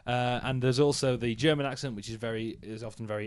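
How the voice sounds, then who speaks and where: A man from England co-hosting a football podcast, talking in a quick, jokey and wry way. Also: mid-range voice, steady tone, clear, resonant tone, dry recording. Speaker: podcast co-host. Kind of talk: casual football chat.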